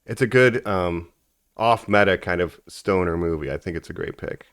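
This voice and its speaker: A man's voice: sits low, normal speed, a bit bright, smooth. A man co-hosting a casual podcast, talking in an easygoing, agreeable way. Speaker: podcast co-host.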